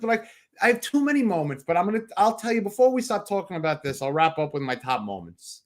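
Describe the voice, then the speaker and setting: A man from New York, co-hosting a sports podcast, rambling and excitable as he tells stories in casual chat. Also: a little high, fast talker. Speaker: podcast co-host.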